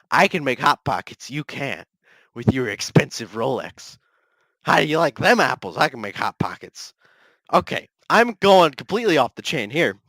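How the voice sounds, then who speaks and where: A man's voice: fairly high pitch, no echo, rough recording. Young man ranting in mock outrage. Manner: repetitive, escalating mock-heated ranting; says he is yelling and heated. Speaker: podcast host. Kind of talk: solo comedic rant.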